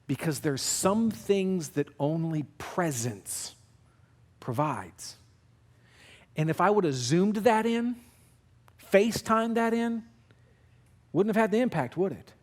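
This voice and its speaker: A male pastor delivering a sermon in a somewhat high voice. He tells stories in a candid, self-deprecating way. He shifts from loud, emphatic bursts to hushed, quiet lines. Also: lively intonation, moderate pace, long pauses.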